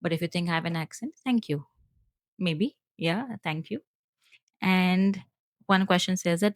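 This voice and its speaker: Indian woman, podcast host, fast earnest talk, low voice, dry close sound. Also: no room sound. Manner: fast-talking, earnest, with fillers. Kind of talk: solo podcast talk to viewers.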